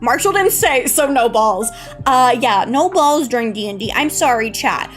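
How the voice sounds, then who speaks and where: Bubbly high-voiced woman streamer. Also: lively intonation, normal speed. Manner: bubbly, giggly, greets chat warmly. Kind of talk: casual live-stream chat. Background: faint background music.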